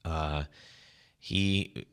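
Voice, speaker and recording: A man with a very low voice co-hosting a casual guitar podcast. He rambles in a halting way, often restarting his sentences and laughing as he talks. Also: steady tone, gravelly, a bit bright, clear, resonant tone. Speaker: podcast co-host. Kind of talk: casual chat.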